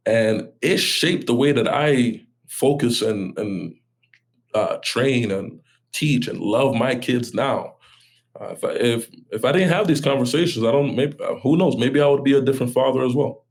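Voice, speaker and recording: An earnest man, a pastor, opens up in a podcast interview with a heartfelt story. His voice sits at an ordinary middle pitch, and he talks in tumbling run-on bursts, restarting his sentences as he goes. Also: normal speed, gravelly.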